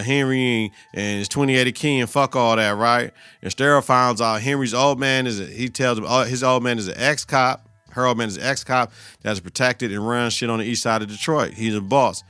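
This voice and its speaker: A man's voice: mid-range voice, moderate pace, sharp tone, clear, resonant tone, dry recording, faint music behind. Profane, slangy man recapping TV. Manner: profane, slangy, talks back at the screen. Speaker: podcast host. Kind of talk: casual TV episode recap.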